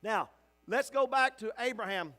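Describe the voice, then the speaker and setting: A male pastor teaching a Bible study in a church sanctuary. His voice sits high, and he preaches with fervor, crying out at the peaks and falling to a hushed, tender hush when he comforts. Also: normal speed, soft background music. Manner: impassioned, swinging from loud cries to hushed, tender delivery.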